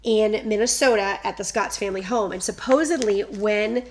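A woman hosting a casual chat, telling a story in an animated way and reading quotes aloud playfully. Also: medium pitch, moderate pace, slight background noise. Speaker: podcast host.

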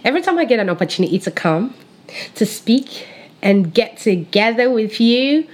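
Excitable high-voiced woman podcast host. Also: moderate pace, background noise. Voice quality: high-pitched. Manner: excitable, energetic, chatty. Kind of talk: casual faith podcast chat.

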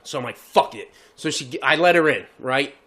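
Briskly and in a medium-pitched voice, a man shares a story while co-hosting a podcast. The chat is casual, and he swears nonstop in lively, profane fashion.

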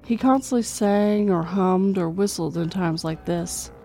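A woman reading a horror story in a slow, measured storytelling way. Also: on the low side, creaky, warm tone, faint music behind. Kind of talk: scripted horror narration.

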